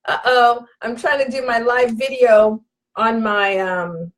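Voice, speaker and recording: A woman's voice: a little high, steady tone, takes it slowly. A woman hosting a live online broadcast, effusive and welcoming, greeting viewers by name and repeating her words. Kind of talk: live-stream talk to viewers.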